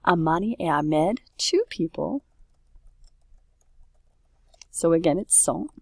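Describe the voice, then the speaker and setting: Chatty, self-correcting woman teacher, low voice. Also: lively intonation, takes it slowly, gravelly, husky, dry recording. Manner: chatty, self-correcting, says oops often. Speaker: French teacher. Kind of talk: casual worksheet walkthrough.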